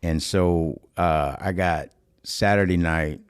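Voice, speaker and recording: A man's voice: low-pitched, slow, clear, resonant tone, no echo, clean studio sound. A middle-aged man from Chicago, a stand-up comedian, telling a story casually on a podcast, swearing freely and acting out what others said. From Chicago, USA. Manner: animated storyteller, acts out quotes, swears freely.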